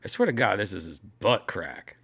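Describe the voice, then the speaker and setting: Here a deep-voiced podcast host with vocal fry and a breathy edge reads out news items at a moderate pace. He reacts animatedly, exclaiming and cursing often throughout the casual chat. The sound is dry.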